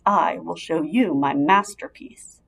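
A woman voicing a calm, kind female spider, speaking softly and measuredly in a storybook reading. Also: lowish voice, gravelly, slight background noise, voice pushed down. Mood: tender. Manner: soft, measured, soothing.

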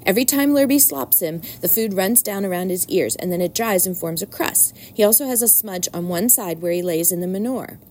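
A woman's voice: mid-range voice, animated, fairly quick, few pauses, darkish tone, a little hiss or hum, lightly acted. A woman doing an insistent farm wife. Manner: firm, insistent.

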